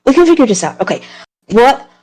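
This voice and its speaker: A woman's voice: sits high, very animated, brisk, darkish tone, slight background noise, voice pushed up. Woman doing a bumbling, flustered toon guy. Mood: nervous. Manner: flustered, fumbling for words. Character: bumbling kindly male toon, trying to stay brave.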